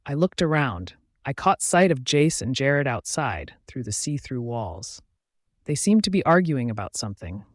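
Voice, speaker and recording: A man narrating a first-person audiobook in a steady, even reading voice. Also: medium pitch, moderate pace, no echo, clean studio sound.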